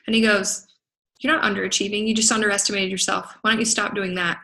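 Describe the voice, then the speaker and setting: A woman's voice: medium pitch, flat delivery, fast talker, bright, forceful tone, poor audio. A middle-aged woman, a business coach, giving an emphatic motivational talk to a group, laughing often and asking "right?". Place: event venue in Las Vegas.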